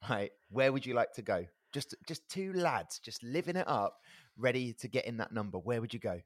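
A man's voice: mid-range voice, lively intonation, fairly quick, dry recording, studio quality. A young adult man co-hosting a football podcast, chatty and laughing easily as he tells stories. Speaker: podcast co-host. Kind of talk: casual chat.

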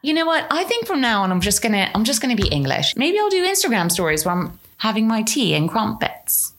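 A woman's voice: a little high, very animated, quick pace, a bit bright. A woman hosting a podcast, chatting casually with her best friend in a playful way and laughing often. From New York City. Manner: playful, laughs often, jumps between ideas. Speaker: podcast host. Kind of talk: casual chat between friends.

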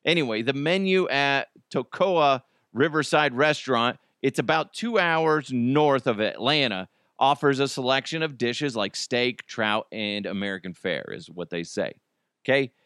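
A man's voice: mid-range voice, animated, a little slow, a bit bright, smooth, no echo. A man in a middle register hosts a laid-back comedy podcast and riffs on odd headlines. He rambles, doubles back on himself and throws in wry asides. The sound is dry and close, with no room around it. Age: adult with children. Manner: chatty, wry, rambling, frequent restarts and asides. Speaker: podcast host. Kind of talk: casual comedic commentary on news.

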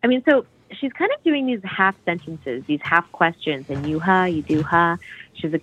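A woman's voice: on the low side, expressive, normal speed, highs cut off, slight background noise. A woman gushing about a song in casual podcast chat, rambling with lots of "like"s and restarts.

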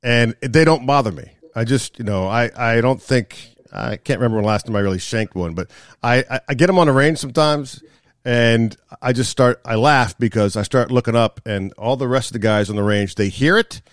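A man's voice: mid-range voice, moderate pace, no room sound, clean studio sound. A man hosting a casual golf podcast, telling stories with lots of laughter and restarts. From Maryland. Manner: animated storyteller, laughs often. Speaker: podcast host.

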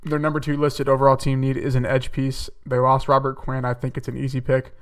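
A man's voice: medium pitch, completely flat delivery, brisk, recorded from a distance. A young man hosting a podcast, talking casually through his picks and thinking aloud with fillers and self-corrections. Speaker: podcast host. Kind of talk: casual solo mock-draft commentary.

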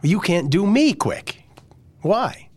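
Playful host with a lively, high voice. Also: male voice, brisk. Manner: playful, teasing questioner. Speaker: show host. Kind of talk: casual interview chat.

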